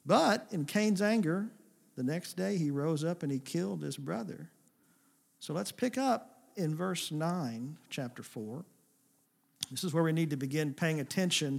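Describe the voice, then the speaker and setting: A man preaching a sermon, swinging between emphatic, forceful passages and soft, hushed asides. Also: on the high side, gravelly. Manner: paraphrases God's words in a gentle, intimate voice. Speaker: pastor.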